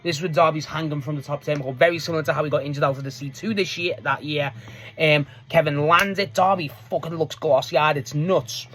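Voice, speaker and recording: Recapping a wrestling match in casual, meandering fashion, this reviewer curses freely, laughs a lot and keeps starting sentences over. They speak fairly quickly in a mid-range voice with fairly even intonation and a fairly bright tone.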